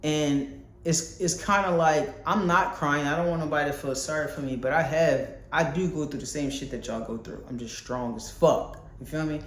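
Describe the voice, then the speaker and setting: Philly guy rambling while he paints a wall at home, kinda high voice, cussing, lots of ums, room echoes. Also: moderate pace, a little hiss or hum. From Philadelphia. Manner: loose and candid, swears freely, muses aloud with many fillers. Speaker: vlogger and visual artist. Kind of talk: casual rambling vlog talk while painting.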